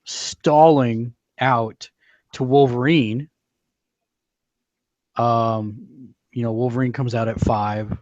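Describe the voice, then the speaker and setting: A man's voice: mid-range voice, steady tone, takes it slowly, pauses often, a little mellow, dry recording, muffled recording. A man in casual talk over a card game, reading out viewer comments and weighing strategy. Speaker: card game player and co-host. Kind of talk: casual gameplay chat.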